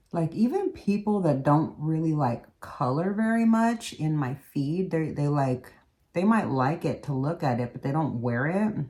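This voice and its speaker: A woman's voice: sits low, darkish tone. A woman beauty vlogger chatting casually as she does her makeup in a tutorial. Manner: chatty, talks while doing makeup.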